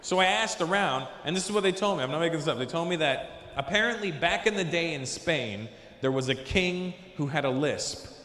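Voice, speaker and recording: A man doing a stand-up comedy set, telling stories in a lively way and switching into quick voices for the people in them. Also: fairly high pitch, reverberant, big-room sound. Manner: animated storytelling with quick voice switches. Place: large comedy venue.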